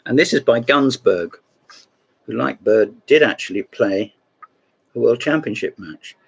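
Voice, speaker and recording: A man's voice: mid-range voice, expressive, measured pace, gravelly, slightly rough, rough recording. A man hosting a casual show-and-tell video series, talking in a rambling way with wry asides. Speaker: host of a chess book video series.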